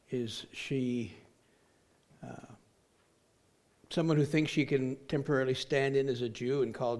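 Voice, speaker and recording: Man, pastor, children's message with a puppet; friendly, inviting, fond of rhetorical questions; mid-pitched voice. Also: darkish tone.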